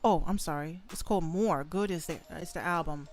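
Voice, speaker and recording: A woman's voice: on the low side, fairly quick, soft background music. A young adult woman hosting a casual solo podcast from her bedroom, talking bluntly with plenty of swearing. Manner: blunt, profane and animated. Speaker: podcast host and rapper.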